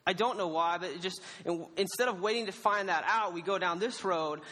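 A young man with a high, bright voice gives a casual sermon, telling stories with animated, self-mocking energy. His voice carries a long reverb off the walls of a church hall. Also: fairly quick. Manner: casual storytelling, animated, laughs at himself. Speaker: youth pastor.

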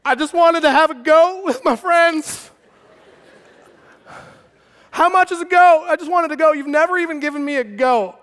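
A pastor voicing a jealous older brother who pouts and whines about being left out. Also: male voice, high-pitched, moderate pace, pauses often, in a large hall. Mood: whining. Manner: whiny, pouting complaints. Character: sulking, jealous older brother, young man.

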